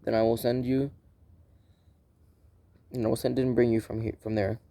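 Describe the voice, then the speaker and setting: A man reading scripture aloud in a plain, unhurried way, often restarting and correcting himself. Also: mid-range voice, flat delivery, vocal fry, warm tone, no echo. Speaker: Bible reader.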